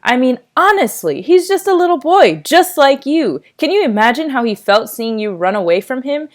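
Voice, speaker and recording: A woman's voice: high voice, big pitch swings, normal speed, voice pushed up. A woman reading aloud and voicing a firm, scolding mother of two boys. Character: stern but loving mother of two boys. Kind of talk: read-aloud storytelling.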